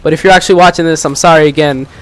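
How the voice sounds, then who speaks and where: A man's voice: on the high side, steady tone, rapid-fire. Rambling teenage guy telling a story. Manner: rambling, lots of fillers and restarts. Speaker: gaming channel host. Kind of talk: casual storytelling commentary.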